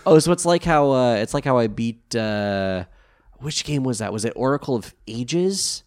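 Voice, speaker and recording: A man's voice: mid-range voice, animated, normal speed, a little mellow. A young man co-hosting a podcast, rambling through a show recap with many fillers and restarts. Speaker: podcast co-host. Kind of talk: casual chat recapping a show.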